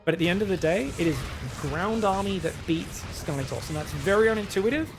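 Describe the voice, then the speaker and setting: A man coaching viewers through a game replay, emphatic and animated, sometimes mimicking a panicked inner voice. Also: high-pitched, a little fast, music in the background. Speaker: StarCraft coach. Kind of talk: replay analysis and coaching talk.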